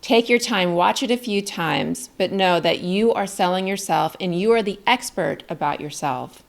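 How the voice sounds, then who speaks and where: A woman's voice: mid-range voice, normal speed, gravelly. A middle-aged woman coaching viewers on job interviews in an upbeat, encouraging, emphatic way. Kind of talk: direct-to-camera coaching lesson.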